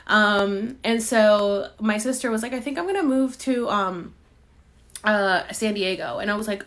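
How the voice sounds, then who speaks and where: A woman's voice: medium pitch, measured pace. Chatty woman telling a rambling story. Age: 30s. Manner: animated, rambling, frequent fillers and quoted dialogue. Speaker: host answering viewer questions. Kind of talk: casual live-stream storytelling.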